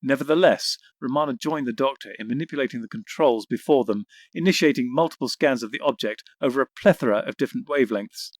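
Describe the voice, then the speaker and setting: A man's voice: medium pitch, no echo, studio quality. Man narrating an audiobook. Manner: measured, voices each character. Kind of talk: scripted narration.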